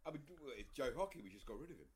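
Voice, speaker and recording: A man co-hosting a podcast over a video call, swearing freely and joking crudely in animated banter. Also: medium pitch, racing, breathy edge. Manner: swears a lot, lively and animated. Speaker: podcast co-host. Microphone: headphones on a video call.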